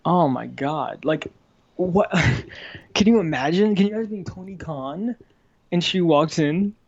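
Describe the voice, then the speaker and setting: A man co-hosting a wrestling podcast, talking excitedly and spinning gossipy theories in a casual chat. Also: a little high, a little slow, gravelly, no echo, highs cut off. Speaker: podcast co-host.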